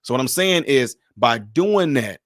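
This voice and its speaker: A man's voice: mid-range voice, measured pace, no echo, clean studio sound. A man, casually giving relationship advice on a podcast panel and acting out bits of dialogue as he tells stories. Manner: animated storyteller, acts out dialogue in other voices.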